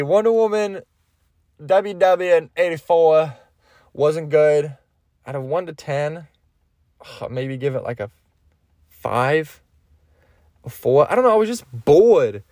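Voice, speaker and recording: A man's voice: mid-range voice, a little mellow, no room sound, clean studio sound. A young man hosting a casual solo podcast, rambling about movies with a lot of swearing and laughing at his own jokes. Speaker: podcast host.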